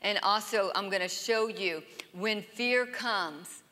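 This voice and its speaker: A woman's voice: medium pitch, takes it slowly, bright, forceful tone. A woman preaching a sermon in a church, emphatic, often asking "Amen?" and having the congregation repeat verses after her. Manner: emphatic, repeats lines and has the crowd say them back. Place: church sanctuary. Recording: church hall with long reverb.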